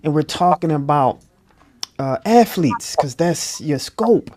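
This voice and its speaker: A man co-hosts a relaxed talk show with a slightly high voice. He rambles through his questions, filling pauses with "you know" and "right", and laughs easily. His tone stays loose and friendly. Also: background noise. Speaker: co-host. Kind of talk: casual interview chat.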